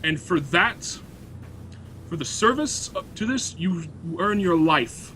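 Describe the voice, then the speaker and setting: A man voicing a stern middle-aged noblewoman who makes a formal, measured pronouncement in a tabletop game. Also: high-pitched, animated, sharp tone, heavily acted.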